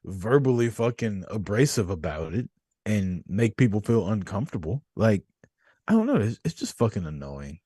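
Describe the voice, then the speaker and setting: Casting note: man, low husky voice, lively swooping delivery, casual podcast host. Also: normal speed, no echo, clean studio sound. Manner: profane, storytelling, animated. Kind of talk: casual chat.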